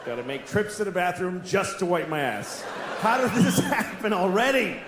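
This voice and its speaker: A man's voice: sits high, big pitch swings, normal speed. A man in his forties performing a stand-up comedy routine in a wry, rambling, self-mocking way. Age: 40s. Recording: echoey room with noise.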